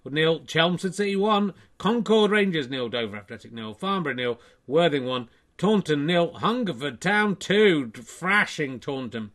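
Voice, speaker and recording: A man's voice: fairly high pitch, animated, measured pace, hardly any pauses, a bit bright. Man rattling off football scores. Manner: rambling, wry asides between score reading. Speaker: host reading football scores. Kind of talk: casual live-stream chat.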